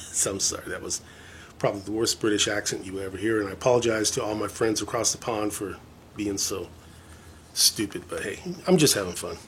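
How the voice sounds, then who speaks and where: A man with a lowish voice talks to his viewers in a loose, rambling vlog style. He sounds eager and pokes fun at himself. A faint hiss of noise sits under the recording. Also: steady tone, brisk. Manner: rambling, enthusiastic, self-deprecating. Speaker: vlogger showing his record collection. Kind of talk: casual chat to camera.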